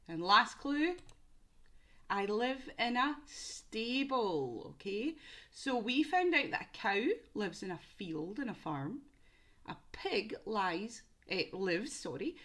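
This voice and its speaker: A woman's voice: mid-range voice, a bit bright. A young woman teaching young children through a home-learning quiz, with exaggerated questions and encouragement. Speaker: primary school teacher.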